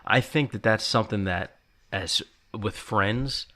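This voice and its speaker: A man in his thirties hosting a podcast, talking in a relaxed, reflective way. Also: fairly low pitch, measured pace. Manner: relaxed, reflective, quotes himself. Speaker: podcast host. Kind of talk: casual chat.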